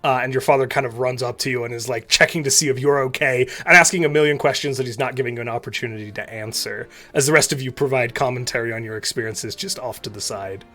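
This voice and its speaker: A man's voice: medium pitch, quick pace, hardly any pauses, sharp tone. A man running a tabletop game as game master, narrating scenes loosely with fillers like "um" and "like.".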